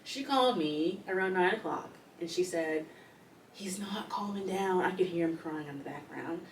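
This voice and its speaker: A woman, a podcast guest, telling animated stories and acting out the people in them. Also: on the low side, normal speed. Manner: lively, acts out quotes, laughs often. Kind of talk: animated storytelling in conversation. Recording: echoey room, mic at a distance, faint noise.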